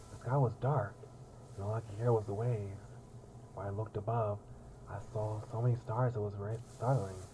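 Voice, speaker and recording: A man's voice: lowish voice, noisy background. A man reading through a visual novel on stream, narrating and chatting about it in a rambling, casual way with lots of fillers. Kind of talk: casual game commentary and narration.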